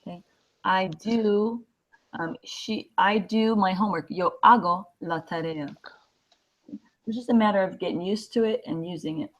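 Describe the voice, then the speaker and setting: A woman's voice: mid-range voice, moderate pace, low-quality recording. A woman teaching a classroom lesson, explaining patiently step by step with many fillers. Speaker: Spanish teacher.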